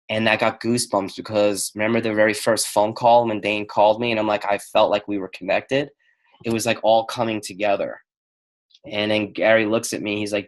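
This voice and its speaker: Low-voiced man telling a personal story. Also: a little fast. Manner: animated storyteller acting out quoted dialogue. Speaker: speaker on a call.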